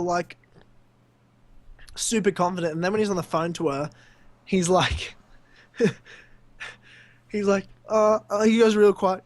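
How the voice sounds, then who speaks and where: Young Australian man, high voice, animated storyteller, dry close sound; podcast co-host spinning anecdotes. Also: moderate pace, long pauses, dry recording. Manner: animated storyteller, laughs often. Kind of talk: casual storytelling chat.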